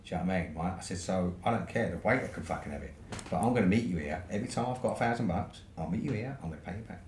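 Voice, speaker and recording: His voice sits low and a little mellow, racing along expressively as this UK man tells a long, relaxed podcast story. Profanity flows freely and points wrap up with "right?", all captured with roomy echo and faint noise.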